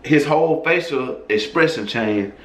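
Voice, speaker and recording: Man telling a story casually, cussing freely, mid-pitched, recorded in a roomy, echoing space. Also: expressive, unhurried, fairly bright tone. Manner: loose, profane, conversational.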